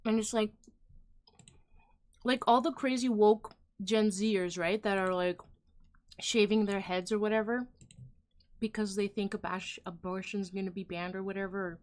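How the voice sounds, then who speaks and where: Slow-talking woman on a livestream, just chatting with viewers, lots of um and like, kinda rambly. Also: medium pitch, fairly even intonation. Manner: rambling, heavy use of "like" and "um", trailing off; chatty, addresses viewers directly. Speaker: livestream host. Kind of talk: casual opinion livestream, reacting to chat.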